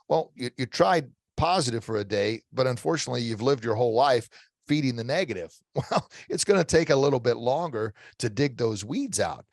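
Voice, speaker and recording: A man's voice: mid-range voice, lively intonation, a little fast, dry recording, studio quality. A middle-aged man speaking as a guest expert in an interview, giving emphatic motivational coaching advice with repeated phrases and frequent restarts.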